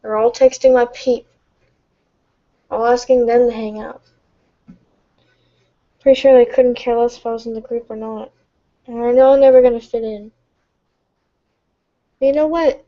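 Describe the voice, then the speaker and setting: A tired woman speaking softly and haltingly in a late-night confessional live stream from home, stumbling and restarting as she gets emotional. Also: a little high, fairly even intonation, muffled recording. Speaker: vlogger.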